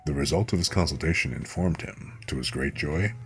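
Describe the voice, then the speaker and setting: Super deep guy reading bedtime stories, chill and slow, soft music behind. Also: slightly rough. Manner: calm, unhurried, small slips and self-corrections. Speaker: streamer reading fairy tales. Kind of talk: relaxed bedtime story reading.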